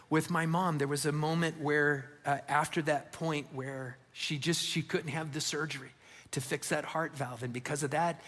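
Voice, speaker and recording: A man's voice: a little high, a bit bright. A middle-aged man preaching a sermon, telling a personal story in an earnest way that swells with feeling. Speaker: pastor. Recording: long hall reverb.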